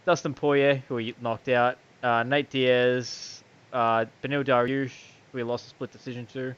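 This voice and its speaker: A man's voice: mid-range voice, level tone, moderate pace, a bit bright, clear, resonant tone, muffled recording. A man co-hosting a casual fan podcast, swearing freely, laughing often and rattling off lists of names. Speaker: podcast co-host. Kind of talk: casual chat.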